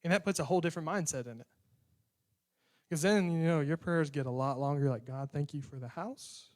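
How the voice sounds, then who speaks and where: A man's voice: a little high, a little fast, a little mellow. A young man preaching a sermon in a conversational way, acting out prayers and bits of dialogue.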